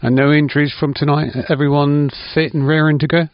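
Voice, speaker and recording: Podcast host guy asking short questions, a bit higher voice, muffled. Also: flat delivery, a little fast. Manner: brief, plain questions. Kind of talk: interviewing.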